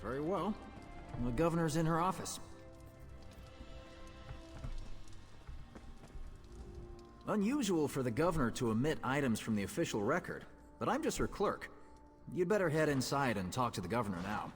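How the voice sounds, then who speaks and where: A man's voice: a little high, very animated, brisk, big-room sound, faint music behind. An actor playing a fussy, self-important male port clerk in a video game, prim and pompous. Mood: officious.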